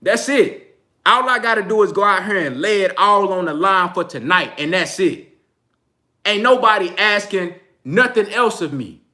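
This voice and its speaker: A man's voice: high voice, expressive, normal speed, sharp tone. A man with a Texan accent hosting a casual livestream about boxing, slangy and loose, laughing often. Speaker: boxing channel host.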